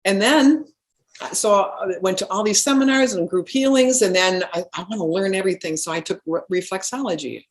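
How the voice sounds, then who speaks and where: A middle-aged woman, a spiritual healer, earnestly telling a personal story with animated restarts. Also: mid-range voice, normal speed, a little hiss or hum.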